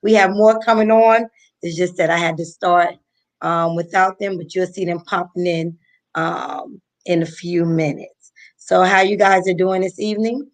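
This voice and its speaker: A woman from New Jersey hosting a live online talk, speaking casually and warmly with many pauses and ums over a video call. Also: on the low side, steady tone. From Paterson, New Jersey, US. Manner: soft-spoken, many ums, heartfelt. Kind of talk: casual live-stream chat.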